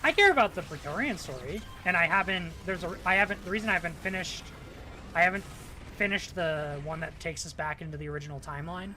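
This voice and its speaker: A man chatting casually while playing a game together, soft-spoken and often trailing off mid-sentence. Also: high voice, expressive, fast talker. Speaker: streamer, co-player. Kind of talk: casual gaming stream chat. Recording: noisy mic feed.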